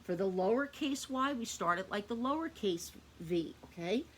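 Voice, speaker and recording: A woman's voice: medium pitch, lively intonation, moderate pace, slight background noise. Patient woman teaching young kids phonics. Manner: patient, sounds out words for young children; asks questions and answers them herself. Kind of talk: children's phonics lesson.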